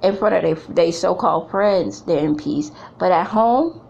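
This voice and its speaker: A woman's voice: lowish voice, a little slow, vocal fry, darkish tone, highs cut off. A middle-aged woman giving a blunt, emphatic talk to other women, repeating phrases for effect. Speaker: speaker addressing women. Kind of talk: candid motivational talk.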